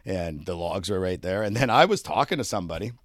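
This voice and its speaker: A man co-hosting a casual podcast, telling stories in a lively, profane way and shouting out quoted lines. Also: low voice, quick pace, no room sound, studio quality. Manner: animated storyteller, swears a lot, acts out shouted quotes. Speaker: podcast co-host. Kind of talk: casual storytelling chat.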